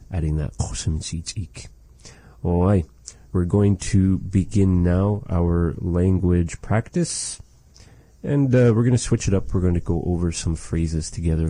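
A man's voice: deep voice, warm tone, no echo. A man teaching a language lesson, patiently repeating words for practice. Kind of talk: language lesson with repetition drills.

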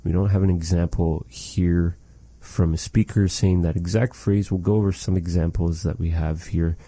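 A man teaching a language lesson, slowly and patiently saying phrases and explaining what they mean. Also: low voice, fairly even intonation, warm tone, breathy edge, no echo. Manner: repeats phrases slowly and explains them carefully.

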